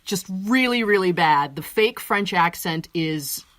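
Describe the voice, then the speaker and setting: A woman's voice: lowish voice, lively intonation, unhurried, a bit bright. A woman co-hosting a casual movie chat, opinionated and emphatic, laughing often. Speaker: podcast co-host.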